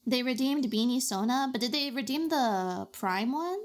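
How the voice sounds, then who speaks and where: A woman streamer chatting casually with her chat while drawing, with dramatic, expressive reactions. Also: on the high side, normal speed.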